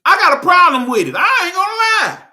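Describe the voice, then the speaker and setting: A man's voice: very high-pitched, very animated, fairly quick, bright, forceful tone. A man with a Detroit accent hosting his own online show, ranting in a blunt, profane, joking way. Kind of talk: casual ranting monologue.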